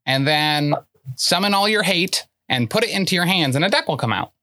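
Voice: mid-range voice, expressive, moderate pace, pushed and bright. A tabletop game player talking in character, earnest and matter-of-fact, with frequent fillers and restarts as they explain things.

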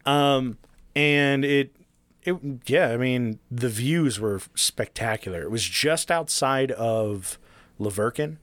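A man's voice: medium pitch, slow, a bit bright, dry recording. Young male podcast co-host, profane storyteller, dry close mic. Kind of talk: casual podcast chat.

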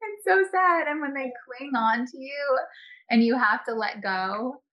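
A woman guest, a health and wellness expert, in casual chat, talking in a chatty, animated way and laughing often. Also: high-pitched, measured pace, lo-fi sound.

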